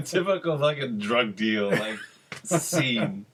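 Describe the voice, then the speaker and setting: A man's voice: medium pitch, animated, takes it slowly, fairly bright tone, a little hiss or hum. A man co-hosting a podcast in casual chat, laughing a lot and swearing casually. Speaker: podcast co-host. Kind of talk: casual podcast chat reminiscing about a show.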